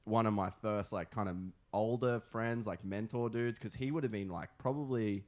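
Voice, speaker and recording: A man in his twenties with an Australian accent chats casually on a podcast in a lowish voice at a moderate pace. He rambles, uses lots of fillers and swears frequently.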